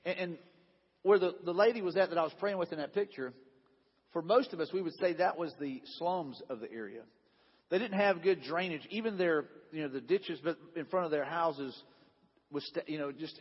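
A slightly high, breathy-edged voice at normal speed belongs to a pastor preaching with slides in a church sanctuary. He narrates a story casually, repeating himself and voicing others' dialogue, captured as a dull sound in a large echoing hall.

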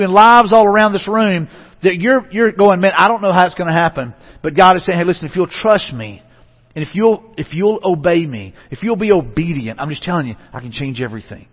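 A man pastor preaching a conversational sermon in a church, repeating phrases and letting line endings drop soft. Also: high-pitched. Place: church sanctuary. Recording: dull, reverberant church hall recording.

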